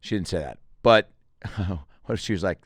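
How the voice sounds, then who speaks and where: A man's voice: deep voice, moderate pace, dry recording, clean studio sound. A man hosting a podcast, riffing in a rambling, self-interrupting comic monologue. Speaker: podcast host and comedian. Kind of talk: casual comedic monologue.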